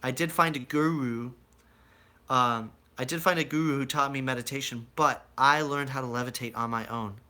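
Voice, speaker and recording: A man's voice: mid-range voice, normal speed. A young American man casually telling a rambling life story to his viewers, acting out voices as he goes. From United States. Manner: rambling, animated storyteller who acts out quoted voices. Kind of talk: casual storytelling to a live chat.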